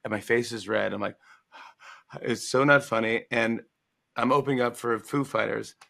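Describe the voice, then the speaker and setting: A man's voice: mid-range voice, normal speed, vocal fry. A man in his forties casually telling a funny anecdote, acting out the voices of the people he quotes. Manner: animated storyteller, acts out quoted voices. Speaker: talk show guest, author. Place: promotional livestream interview.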